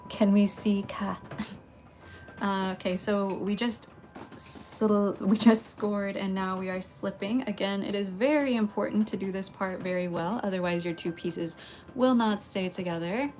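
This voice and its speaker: A woman's voice: medium pitch, measured pace, a little mellow, a little hiss or hum. A woman from Texas, hosting a casual pottery livestream, chatting with viewers, greeting them by name and laughing often.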